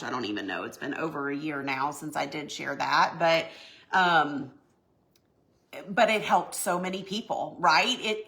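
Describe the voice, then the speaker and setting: A woman's voice: medium pitch, pushed and bright. A woman chatting on a live stream, emotional and effusive, thanking viewers and reading their comments. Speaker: home goods brand owner hosting a live stream. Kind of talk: casual live stream chat while signing.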